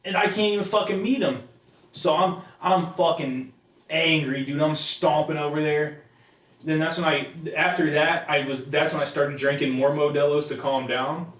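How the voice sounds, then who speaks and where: A man's voice: fairly high pitch, steady tone, normal speed, fairly bright tone. A young man co-hosting a casual podcast, telling rambling, profanity-laced stories. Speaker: podcast co-host. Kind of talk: casual chat. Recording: echoey room.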